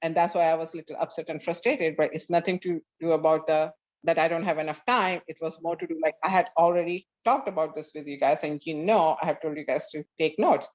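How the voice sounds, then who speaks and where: A woman's voice: low voice, steady tone, a little fast, hardly any pauses, darkish tone, dull audio. A woman real estate agent co-hosting a casual discussion, candidly telling stories about her own work and temper.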